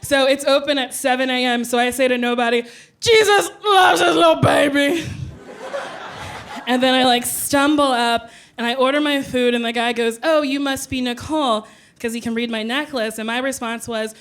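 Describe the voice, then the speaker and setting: Woman comic on stage, high voice, loud noisy background, big animated quotes. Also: fairly quick. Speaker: stand-up comedian. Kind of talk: stand-up storytelling.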